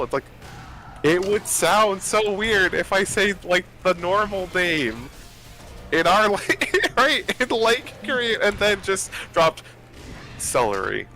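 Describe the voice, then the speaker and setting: A man with a bright, forceful voice talks over a gaming session, rambling on with many fillers and false starts. He sounds like he is on a voice chat headset, with faint music behind him. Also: high-pitched, animated, slow pace. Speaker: gamer chatting with friends. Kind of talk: casual chat while gaming.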